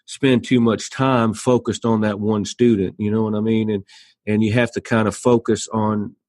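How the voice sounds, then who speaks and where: A man hosting a podcast, asking questions in a relaxed way and often checking that he is understood. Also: on the low side, no echo, clean studio sound. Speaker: podcast host. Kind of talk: interview questions and casual chat.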